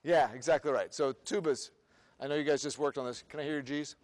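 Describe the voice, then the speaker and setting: Man, band clinician, slightly high voice, counts off players, sings rhythms, quick questions, long hall reverb. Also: steady tone, a little mellow. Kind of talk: rehearsing a concert band. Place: band rehearsal room.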